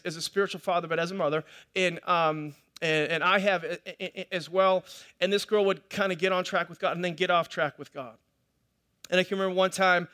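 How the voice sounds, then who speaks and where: A man's voice: sits high, a bit bright. A middle-aged male pastor preaching a sermon, telling stories in a chatty way with many restarts and repeated words. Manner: conversational storytelling, with many restarts and repetitions.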